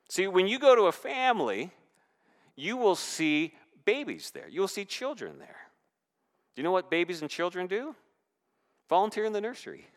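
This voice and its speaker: A man preaching a sermon in a church, animated, with rising and falling emphasis. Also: fairly high pitch. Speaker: pastor. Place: church sanctuary. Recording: reverberant church hall.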